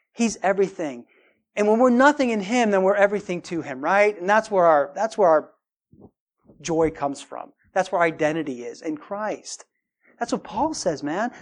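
A woman preaching a sermon in an emphatic, casual way, often repeating her words as she builds a point. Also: lowish voice.

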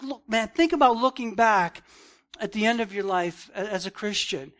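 Giving an expository Bible lesson, this preacher speaks in a high, slightly bright voice at a moderate pace. His tone is earnest and conversational, peppered with "man" and "right?", and he builds intensity when driving points home.

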